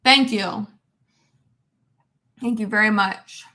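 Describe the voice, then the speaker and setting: A woman's voice: medium pitch, extremely slow, long pauses, sharp tone, reverberant. Chatty woman scolding her dog. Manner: playful baby-talk scolding of a pet. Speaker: vlogger. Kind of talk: casual chat, talking to her dog. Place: apartment room.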